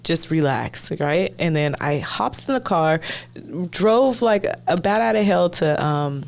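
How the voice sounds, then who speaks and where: A woman in her thirties co-hosting a podcast, chatting casually with lots of laughs and quick affirmations. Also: low-pitched, lively intonation, gravelly. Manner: warm-humored, giggly, affirming listener. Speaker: podcast co-host. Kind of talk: casual chat.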